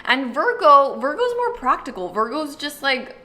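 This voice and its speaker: A woman hosting an astrology video, talking casually and explaining to the viewer, full of "like" and quick acted-out quotes. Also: high-pitched, sing-song, sharp tone. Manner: chatty, uses lots of "like", acts out quick voices. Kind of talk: casual explanatory talk to camera.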